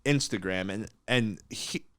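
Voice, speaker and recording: A man's voice: fairly low pitch, measured pace, fairly bright tone, no echo, studio quality. A man hosting a casual podcast, telling a story bluntly and with animation. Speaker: mortgage broker, podcast host.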